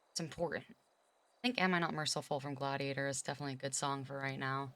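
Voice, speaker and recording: A woman's voice: rumbling low, flat delivery, fast, sharp tone, smooth, dry recording. A young woman from California, a streamer chatting casually with her viewers, rambling with lots of "like" and getting emphatic when she argues a point. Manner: rambling, heavy use of "like", emphatic when arguing.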